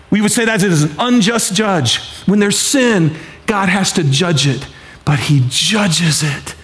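A male pastor delivers a sermon in a fairly high voice that climbs sharply when he pleads and drops to a near whisper for emphasis. He repeats himself for effect and acts out what people and God would say. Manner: passionate, swings from loud pleading to hushed intensity.

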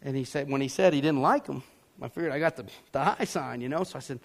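A man from Georgia, preaching a sermon as a pastor, telling a story with animated acted-out voices. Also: mid-range voice, fast talker, vocal fry. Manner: animated, acts out voices and yells for effect.

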